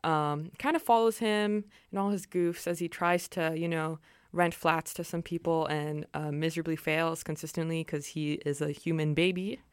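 A woman's voice: low-pitched, steady tone, moderate pace, few pauses, clear, resonant tone, no room sound, studio quality. Chatty young woman on college radio. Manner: chatty, rambling, many fillers. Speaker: campus radio co-host. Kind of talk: casual radio chat. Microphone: studio microphone.

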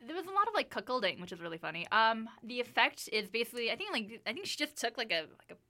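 A woman hosting an arts talk show in casual chat, chiming in with quick affirming remarks. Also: a little high, big pitch swings, bright, forceful tone. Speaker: radio arts show host.

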